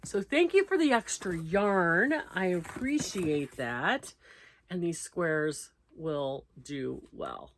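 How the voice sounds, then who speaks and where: A woman crochet vlogger talks in an unhurried, low voice as she unpacks parcels at home. She reads letters out loud and thanks each sender warmly, and a faint background noise sits under the recording. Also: lively intonation. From United States. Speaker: crochet channel host. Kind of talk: casual unboxing chat.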